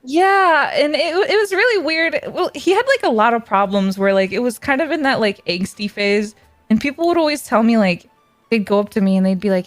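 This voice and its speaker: Young woman, lively swooping pitch, giggly storyteller, dry close sound. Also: brisk, no room sound, faint music behind. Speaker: streamer. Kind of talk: casual chat.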